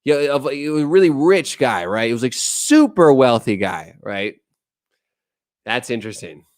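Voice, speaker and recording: A man's voice: medium pitch, big pitch swings, moderate pace, darkish tone, no echo, studio quality. A man hosting a casual livestream, chatting bluntly and profanely, reading viewer comments aloud and rambling between topics. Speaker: livestream host.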